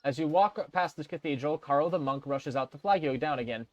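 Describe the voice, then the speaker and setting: A man's voice: on the high side, a little fast, no room sound, dull audio. Man, let's play commentator, casual, reads game text, dry recording. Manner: reads game text aloud, thinking aloud with fillers.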